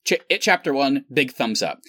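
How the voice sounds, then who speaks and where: A man's voice: mid-range voice, big pitch swings, normal speed, bright, forceful tone, no room sound, clean studio sound. A man co-hosting a podcast, chatting casually and enthusiastically, rambling with frequent laughs. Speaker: podcast co-host. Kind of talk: casual chat.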